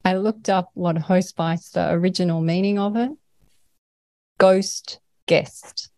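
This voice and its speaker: An Australian woman speaks in a meandering, earnest way, laughing now and then as she talks. Her voice sits a little low. The sound is dry, with no room echo. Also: steady tone, slow pace, a little mellow. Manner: earnest, rambling, laughs often. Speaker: paranormal experiencer, guest. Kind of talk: conversational interview.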